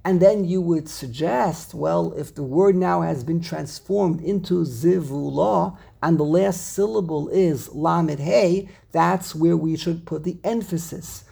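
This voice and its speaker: A man's voice: on the high side, unhurried, vocal fry, few pauses, warm tone, breathy edge. A man teaching a classroom lesson on Hebrew grammar, explaining step by step and repeating words as he thinks. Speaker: Torah teacher.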